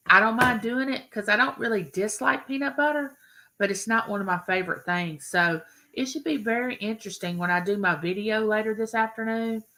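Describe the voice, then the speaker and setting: Older woman, live-stream host, bright, rambling and chatty. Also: mid-range voice, low-quality recording. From Mississippi. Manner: friendly, greets viewers by name, rambling.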